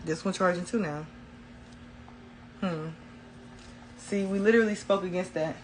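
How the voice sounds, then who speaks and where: A woman's voice: on the low side, measured pace, noisy background. A woman talking casually to her viewers about spirituality, emphatic and colloquial, repeating key phrases for effect. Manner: casual colloquial speech, addresses viewers as y'all. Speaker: spiritual reader.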